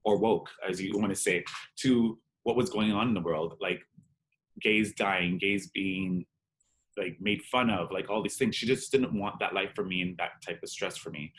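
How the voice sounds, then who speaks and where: Candid man, low voice, acting out dialogue. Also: moderate pace, a bit bright, a little hiss or hum. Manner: candid and emotional, acts out dialogue, peppered with "like". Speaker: drag performer and interview guest. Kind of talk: personal storytelling in an interview.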